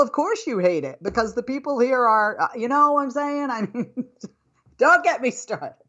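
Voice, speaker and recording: A woman's voice: mid-range voice, fairly bright tone. A middle-aged woman hosting a talk show, telling a travel story in a chatty way and building into an exasperated rant. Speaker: host. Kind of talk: casual commentary monologue.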